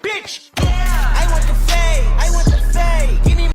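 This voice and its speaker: A woman heard in a played meme clip as a loud, demanding woman, yelling in a shrill, stretched-out voice. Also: steady tone, slow, faint music behind.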